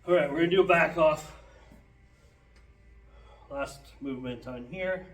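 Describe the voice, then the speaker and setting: A man's voice: fairly high pitch, a little slow, a bit bright, faint music behind. A man coaching a workout in a gym, out of breath and coughing between sets, talking in a loose, casual way. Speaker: fitness trainer. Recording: echoey gym, distant mic.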